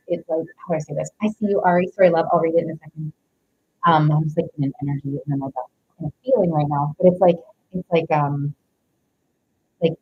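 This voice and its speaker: Low-voiced woman doing a rambling tarot reading. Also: highs cut off, a little hiss or hum. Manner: rambling, heavy use of "like", greets viewers mid-reading. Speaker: tarot reader. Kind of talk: live-streamed tarot reading.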